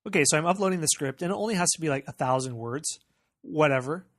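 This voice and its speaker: This screencast tutorial features a fast-talking man with a fairly high voice and a General American accent. He explains each step conversationally and casually, peppering it with "uh" and "okay."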